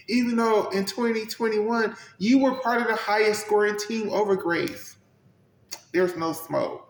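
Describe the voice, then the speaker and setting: A man's voice: sits high, unhurried. Sassy man calling out in an echoey room. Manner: sassy, preachy call-outs. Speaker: recap commentator. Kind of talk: reaction commentary.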